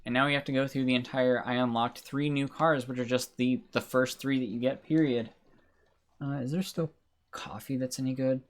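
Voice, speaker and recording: A man's voice: medium pitch, steady tone, moderate pace. A man giving casual, rambling commentary while live-streaming a racing game, grumbling and swearing at it. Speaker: livestreamer.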